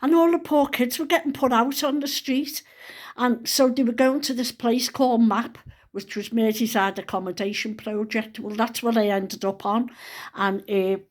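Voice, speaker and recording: Chatty older woman. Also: a little high. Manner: rambling, chatty, salted with swearing. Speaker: vlogger. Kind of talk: casual storytelling monologue.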